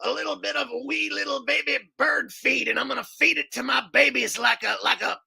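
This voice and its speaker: A man doing an impression of a ranting radio host, sobbing and furious, with a high shouted voice. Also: fairly even intonation, fairly quick, vocal fry, full character voice. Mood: sobbing rage. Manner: wailing and bellowing rant.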